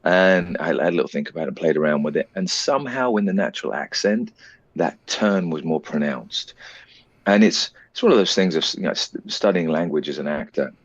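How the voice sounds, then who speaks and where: A British actor talking as an interview guest, explaining his craft at length in a relaxed, reflective way. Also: very deep voice, fairly quick, no room sound, muffled recording. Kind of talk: casual interview chat.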